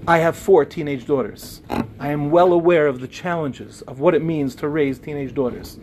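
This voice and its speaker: Man, 40s, high voice, storytelling talk, faint background noise. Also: normal speed. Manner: storytelling, acts out quoted dialogue in softer voices. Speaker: speaker on relationships. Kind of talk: talk to a live audience.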